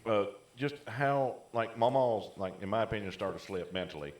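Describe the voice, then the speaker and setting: A man's voice: fairly low pitch, animated, normal speed, reverberant, slight background noise. A man co-hosting a casual chat podcast, telling long rambling stories full of "like" fillers. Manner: rambling storyteller, many "like" fillers. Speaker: podcast co-host.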